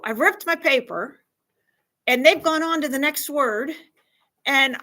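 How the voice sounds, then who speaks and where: Woman, classroom counselor type, bright and higher-pitched, animated, acts things out for kids. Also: unhurried, rough recording. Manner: animated, acts out scenarios, asks the class questions. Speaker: school counselor teaching a class. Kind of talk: classroom lesson to fourth graders.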